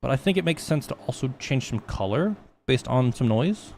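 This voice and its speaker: A man's voice: medium pitch, animated, moderate pace, creaky, a little mellow. Young adult male streamer, mid-range voice, loose and profane, self-mocking asides, faint hiss underneath. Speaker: streamer teaching 3D texturing. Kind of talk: casual live-stream tutorial.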